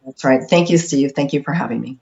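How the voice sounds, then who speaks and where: Woman guest, halting with lots of ums, earnest, kinda muffled dull audio. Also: extremely low pitch, vocal fry, dark tone. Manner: hesitant, many fillers, earnest. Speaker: guest activist. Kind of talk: radio interview answers.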